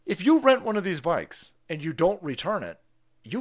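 Middle-aged guy ranting on a stream, swears a ton, voice jumps all over the place, kinda high. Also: very animated, normal speed. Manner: foul-mouthed, ranting, laughing often, swinging from loud outbursts to low mutters. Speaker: political commentary streamer. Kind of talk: profane live-stream commentary.

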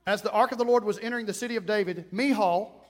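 A man preaching a sermon, animated, acting out little scenes and voices. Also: sits high, fast. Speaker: pastor.

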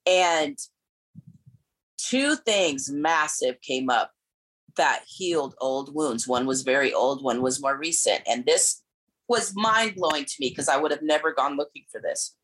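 A woman's voice: sits low, expressive, unhurried, a bit bright, slightly rough, rough recording. A woman in her forties, a pastor and speaker, giving candid personal testimony as an interview guest, earnest and tumbling over her words with restarts.

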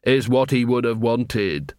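A mournful male clown, as a man reads him in an audiobook, nervous and hesitant. He speaks slowly, in a low, mumbling voice. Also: animated, a little mellow, clean tone, dry recording, clean studio sound, lightly acted. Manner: slow and mumbling.

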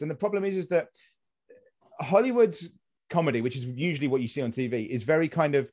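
A British man with a somewhat high voice talks loosely as a podcast host. He swears casually and trips over his words as he retells stories. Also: expressive, darkish tone. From Britain. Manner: swears freely, tells anecdotes with quick restarts.

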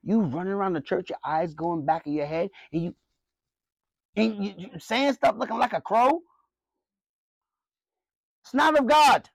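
High, gravelly-voiced preaching man. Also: normal speed, no echo, rough recording. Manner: emphatic, conversational preaching with repeated rhetorical questions. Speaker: pastor. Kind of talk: sermon with scripture reading.

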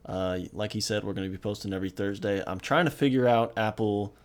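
A young man with a somewhat low voice, co-hosting a casual podcast. He throws in dry, deadpan one-liners between stretches of easy chat. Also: a little fast. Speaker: podcast co-host.

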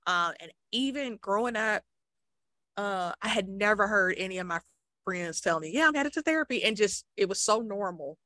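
A woman co-hosting a podcast, chatting casually and telling an animated story in which she acts out her own reactions. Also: medium pitch, moderate pace, no echo. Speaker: podcast co-host.

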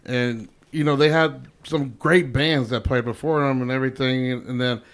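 A man's voice: medium pitch, normal speed. A man, a regular on a casual podcast, telling stories with lots of swearing and acted-out dialogue. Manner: excitable storyteller, swears freely, acts out dialogue. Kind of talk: casual chat.

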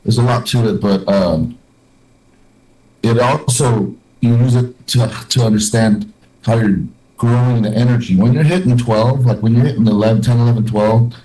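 A man's voice: mid-range voice, normal speed, warm tone, rough recording. Rambling young man on a podcast. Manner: rambling, many restarts and fillers. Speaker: podcast host. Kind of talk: casual podcast chat.

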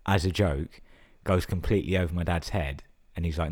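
Very deep-voiced young man. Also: steady tone, normal speed, darkish tone. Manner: swears a lot and says 'like' constantly. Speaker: vlogger telling stories. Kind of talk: casual storytelling.

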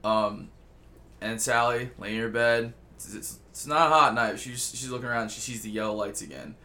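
A man's voice: mid-range voice, fairly quick, sharp tone. A male podcast host telling a rambling story in casual chat, joking and swearing constantly. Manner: rambling, profane and jokey.

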